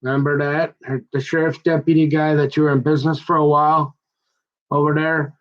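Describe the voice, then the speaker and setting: A man telling a long personal grievance in a rambling, halting way, often restarting his sentences and growing heated as he goes. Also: fairly high pitch, little pitch movement, highs cut off. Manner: aggrieved, heated. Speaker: son recounting a family conflict.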